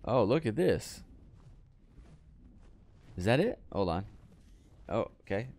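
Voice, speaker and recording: A young adult man casually commenting on his video game as he plays, chatty and breaking into excited yells when things go wrong. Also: fairly low pitch, slow pace. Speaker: gaming channel host.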